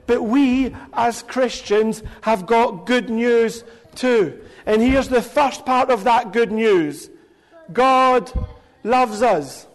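A man leading a children's talk in a church service, speaking gently and playfully and calling children by name, into a handheld microphone. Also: sits high. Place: church hall with congregation. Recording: reverberant hall.

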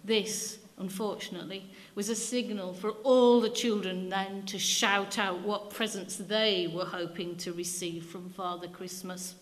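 A woman's voice: mid-range voice, steady tone, measured pace, few pauses. A woman with a Yorkshire accent from Yorkshire, reading a story aloud to an audience in an amused way. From Yorkshire, England. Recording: long hall reverb.

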